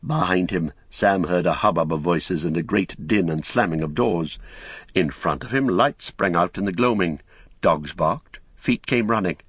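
A man narrating an audiobook in a measured storytelling manner. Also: low voice, fairly bright tone, breathy edge, no room sound, clean studio sound.

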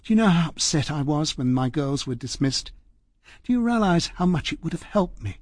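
A man reading the part of a tired, hurt middle-aged female housekeeper in an audiobook, speaking quietly and haltingly. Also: fairly high pitch, expressive, no room sound, studio quality. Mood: reproachful. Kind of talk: audiobook character voice.

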